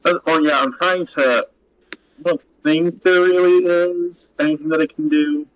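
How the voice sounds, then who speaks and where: A man's voice: a little high, steady tone, normal speed, low-quality recording. A man playing a tabletop game, thinking aloud and asking about the rules. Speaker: player. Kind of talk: casual tabletop game talk.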